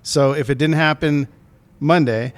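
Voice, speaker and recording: A man with a slightly high voice speaks at a measured pace, with slight background noise present. He's a film producer co-hosting a casual podcast, loosely rambling about the business side and often correcting himself mid-sentence.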